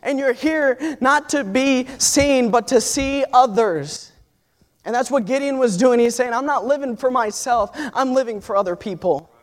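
A man with a notably high voice delivers a sermon from the pulpit. He tells a personal story in a loose, conversational way, full of restarts and fillers. He then lifts into loud, fervent calls to his congregation. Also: normal speed. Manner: builds to loud, impassioned exhortation. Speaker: preacher.

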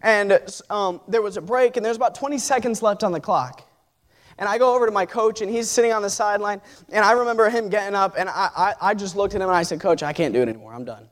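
A man preaching a sermon. He tells a personal story with fillers and restarts, then builds to loud, impassioned exhortation. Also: high-pitched, fast.

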